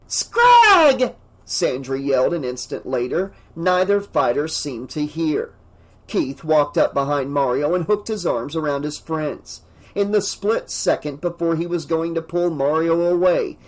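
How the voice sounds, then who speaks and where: A man narrating a teen horror audiobook with a somewhat high voice. He reads with dramatic expression and lifts his pitch and volume whenever a character shouts. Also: poor audio. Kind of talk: unabridged audiobook reading.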